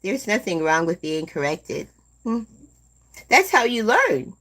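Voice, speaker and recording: Gentle woman in her seventies, slow and low. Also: big pitch swings. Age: 70s. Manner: slow, gentle, calls viewers "my dear love". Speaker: live stream host. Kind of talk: casual chat with live viewers.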